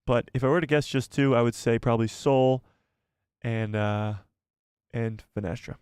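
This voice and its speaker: A man's voice: mid-range voice, steady tone, normal speed, a little mellow, smooth, no echo, studio quality. A man hosting a casual live stream, reading out viewer messages and chatting back to them by name, laughing often, on a headset mic.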